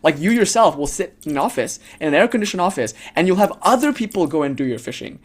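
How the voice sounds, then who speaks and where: A man's voice: sits high, very animated, fast, slightly rough, full character voice. A man voicing a pushy middle-aged New York businessman who eagerly lectures and hands out advice.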